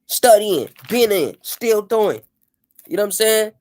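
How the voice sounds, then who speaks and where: A man's voice: high voice, animated, a little slow, darkish tone. Man, ranting vlog, heated and preachy, heavy swearing, keeps asking "you know what I'm saying.". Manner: profane, emphatic, preachy. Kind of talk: impassioned rant.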